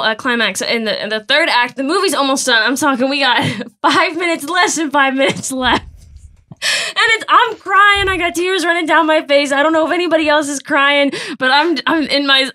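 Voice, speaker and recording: A woman co-hosting a podcast, telling a story in casual chat with a teasing, animated manner. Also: sits high. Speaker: podcast co-host. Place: small recording room.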